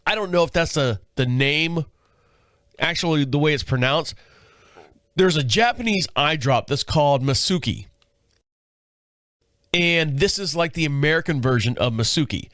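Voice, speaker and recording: A man's voice: a little high, animated, moderate pace, pauses often, fairly bright tone, dry recording, studio quality. A man in his fifties hosting a show, telling rambling, profane stories while sick with a cold and a sore throat. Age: 50s. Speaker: podcast host. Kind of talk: casual chat monologue.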